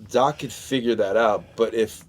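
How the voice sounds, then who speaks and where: A man's voice: mid-range voice, moderate pace. A middle-aged man, a wrestler being interviewed, telling stories in a casual, laid-back way and swearing often.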